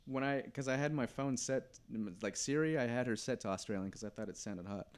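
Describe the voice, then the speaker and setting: Cast an average-pitched man guest, rambling and halting. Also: steady tone, clear, resonant tone. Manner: rambling, hesitant, many restarts. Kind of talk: casual chat.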